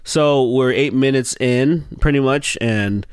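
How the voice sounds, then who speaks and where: A man's voice: medium pitch, slow pace, smooth, dry recording. Wry man with a dry, close sound. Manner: wry, unimpressed remarks with sighs. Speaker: reaction video host. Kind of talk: casual commentary.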